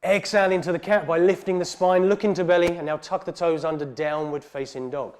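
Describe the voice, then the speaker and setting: Calm yoga teacher, a man, slightly high. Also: fairly quick. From England. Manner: calm, steady cueing of breath and poses. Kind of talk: guided yoga class instruction. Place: heated yoga studio.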